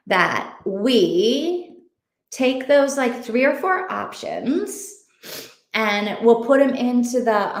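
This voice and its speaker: Rambling woman host, echoey room. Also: on the high side. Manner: rambling, thinking aloud with many fillers. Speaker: host of an online reading group. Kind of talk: casual livestream chat.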